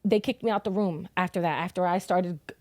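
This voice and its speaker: A young grieving mother, guesting on a podcast, relates how she lost her son with bluntness and frequent cursing. She speaks fairly quickly in a fairly low, darkish voice, captured in a dry recording.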